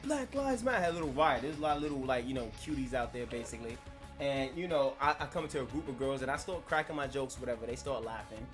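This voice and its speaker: A man's voice: medium pitch, fast talker, over music. A man ranting and telling stories on a live stream, brash, mocking and laughing at his own jokes.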